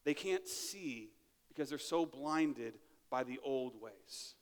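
A man's voice: medium pitch, lively intonation, slow, long reverb tail. A man preaching a sermon in a church, talking in a conversational way and often checking in with "right?". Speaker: pastor. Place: church sanctuary.

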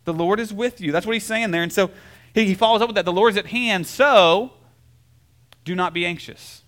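A young adult man preaching a casual sermon, conversational and full of fillers and check-ins with the listeners, telling stories with lively swings between soft and loud. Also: high voice, fairly quick. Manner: conversational, lots of filler "like" and "right?". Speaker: pastor.

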